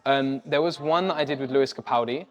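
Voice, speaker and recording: A young man, a social media creator and podcast guest, telling a story in a casual, animated way, jumping up in pitch when he acts out what people said. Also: quick pace, dull audio. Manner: animated, acts out quoted voices with sudden pitch jumps.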